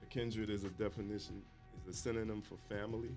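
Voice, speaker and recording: A man's voice: fairly low pitch, flat delivery, fast, over music. A man hosting a live-streamed podcast in a casual, joking way, teasing his guests. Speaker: podcast host.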